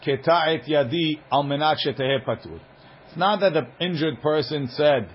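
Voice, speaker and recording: A man's voice: a little high, moderate pace, husky, highs cut off. A man giving an informal study lecture, chanting passages of ancient text and then explaining them in casual conversational English. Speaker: Talmud teacher.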